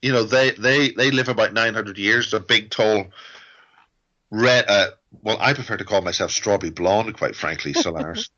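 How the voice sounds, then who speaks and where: A middle-aged man with a low, forceful voice holds forth as a guest, rambling from point to point with wry jokes. His audio is dull and lo-fi, as if it came over a call. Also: moderate pace. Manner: ranting, digressive, wry. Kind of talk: rambling interview talk.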